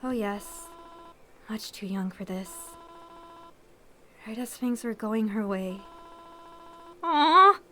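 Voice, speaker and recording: A woman voicing a grieving elderly mother in a voice-acted story, speaking slowly, politely and sorrowfully. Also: lively intonation, a little hiss or hum, full character voice. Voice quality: soft, slow, lowered old-lady voice.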